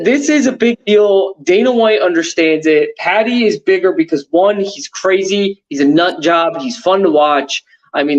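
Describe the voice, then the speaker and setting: A man's voice: on the high side, dull audio. A man talking casually and animatedly as a panelist on a sports show, rambling with restarts. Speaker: podcast panelist.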